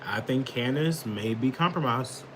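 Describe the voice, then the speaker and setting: A man's voice: mid-range voice, measured pace, a bit bright, slight background noise, rough recording. Profane rambling male live streamer. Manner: rambling, profane, reacts angrily to chat comments. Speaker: political commentator on a live stream. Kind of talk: casual live commentary.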